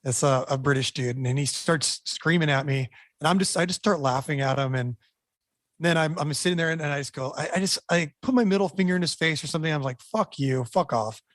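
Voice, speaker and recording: A man's voice: on the high side, fast talker, no echo. Man telling a story, dry close sound. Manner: animated, repeats words, many restarts. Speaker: band member recounting a story. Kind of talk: casual storytelling.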